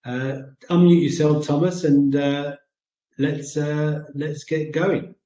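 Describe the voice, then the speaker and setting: A man's voice: a little high, level tone, slow pace, dark tone. Rambling British man in a roomy space. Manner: rambling, many ums and uhs. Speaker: segment host. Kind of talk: casual chat.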